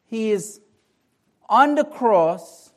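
A man delivers a sermon as pastor, his voice pitched high. He speaks slowly, dropping to a hushed prayer and then building to emphatic, rising lines. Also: animated.

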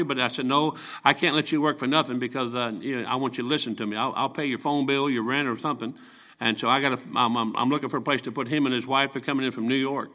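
An older man preaching a folksy, joking sermon full of stories, rising into shouted peaks. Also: medium pitch.

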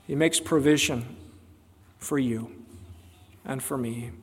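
A man's voice: mid-range voice, slow, long pauses. A man preaching a sermon as a pastor, emphatic and fond of rhetorical questions put to his congregation. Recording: long hall reverb.

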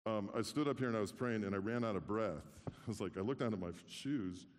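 A male pastor speaks in an easygoing, conversational sermon style with wry asides. His voice sits a little low. Long reverb from the church hall trails each phrase. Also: quick pace. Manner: relaxed, conversational, dry humor. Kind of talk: informal sermon. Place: church sanctuary.

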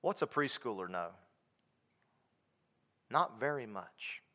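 A man preaching a sermon with emphatic, repetitive phrasing, dropping into quiet conversational asides. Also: medium pitch, expressive, slow pace.

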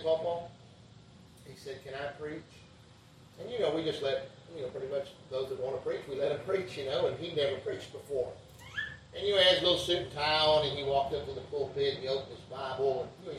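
A man's voice: medium pitch, slight background noise. A man, preaching a folksy revival sermon as a pastor, full of amens and fillers. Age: 60s. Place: church revival service. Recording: echoey church from a distance.

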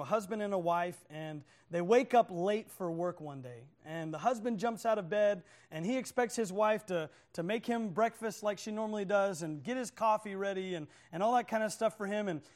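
A man preaching a sermon in a conversational way, joking with his listeners and often asking "right?". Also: sits high.

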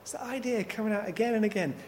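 A man's voice: high voice, rapid-fire, a little mellow. A man preaching a sermon, working through scripture with repeated rhetorical questions. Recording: long hall reverb, faint noise.

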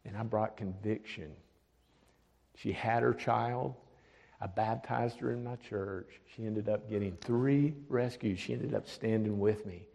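Gravelly low-voiced preacher in a hall. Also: male voice, measured pace. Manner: drops to a hushed voice for quoted speech. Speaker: pastor. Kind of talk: storytelling testimony. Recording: long hall reverb.

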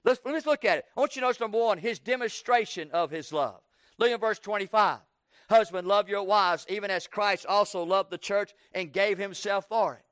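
A man's voice: fairly quick, a bit bright, smooth, no room sound, studio quality. A man preaching an evening sermon, repeating lines in rhythm and calling for "Amen" from the congregation. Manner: call-and-response preaching, asks the congregation "Amen?"; rhythmic repetition, rising to a fervent pitch.

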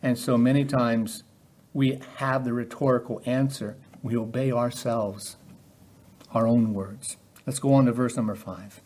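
A man's voice: medium pitch, steady tone, measured pace, a little mellow. A man preaching a sermon in a conversational way, often putting rhetorical questions to his listeners.

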